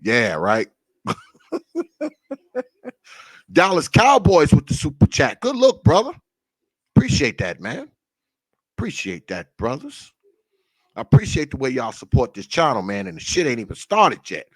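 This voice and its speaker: A man's voice: medium pitch, huge pitch swings, a little slow, pauses often, a bit bright, no room sound, studio quality. A man hosting a casual livestream, greeting viewers by name with a profane, laughing, loose manner. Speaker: livestream host.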